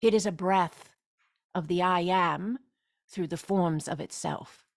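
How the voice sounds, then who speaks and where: A woman's voice: fairly low pitch, takes it slowly, vocal fry. A woman hosting a spiritual gathering over a video call, stretching out her vowels and breaking in often with emphatic cries of yes. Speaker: spiritual teacher hosting a group meeting. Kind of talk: slow meditative spiritual talk.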